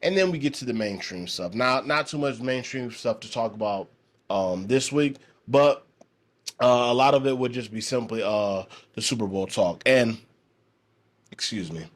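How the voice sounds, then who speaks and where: Easygoing male podcast host, average pitch, talking loosely with lots of "um"s. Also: animated, normal speed. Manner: laid-back, rambling, many fillers. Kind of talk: casual podcast chat.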